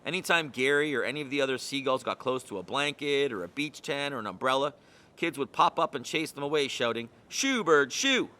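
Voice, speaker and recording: A man narrating a children's picture book. His storytelling is expressive and lively, and his tone has a bright, pointed edge. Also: medium pitch, fast talker. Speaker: reader. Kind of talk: picture book read-aloud.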